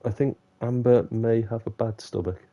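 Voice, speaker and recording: A man's voice: mid-range voice, fairly even intonation, moderate pace, warm tone, dull audio. A man streaming a football manager game, chatting casually, muttering to himself and laughing often. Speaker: gaming streamer. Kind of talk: casual live gameplay commentary.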